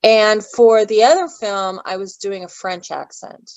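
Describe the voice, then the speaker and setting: In a relaxed interview, a talkative actress drifts from point to point and loses her thread, speaking a little slowly at a middle pitch. The recording is close and dry, with no room sound, and the audio is dull.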